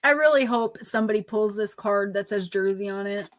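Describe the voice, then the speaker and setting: Speaking fairly quickly in a medium-pitched voice, a woman hosts a live stream of oracle card readings. She reads out viewers' names in lists and keeps things blunt, playful and a bit profane.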